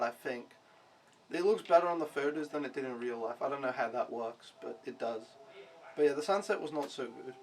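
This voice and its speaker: A young man tells a casual vlog recap in a rambling, offhand way, full of "like" and casual swearing. His voice sits a little on the high side. A faint hiss of background noise runs under the recording. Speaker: vlogger.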